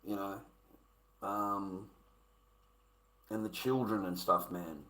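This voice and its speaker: Aussie bloke on a livestream, lowish voice, sharp edge, swears nonstop, blunt. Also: male voice, steady tone, takes it slowly, rough recording. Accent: Australian. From Australia. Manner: profane, blunt, swears constantly. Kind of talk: casual livestream rant to chat.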